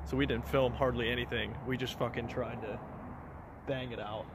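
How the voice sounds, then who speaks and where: A young man talks through his car project in a loose, excitable vlog style, cursing as he goes. His voice sits at an ordinary middle pitch, with faint outdoor street and engine noise underneath. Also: normal speed. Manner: excitable, swears casually. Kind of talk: casual vlog chat. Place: outdoors at a garage and dyno shop.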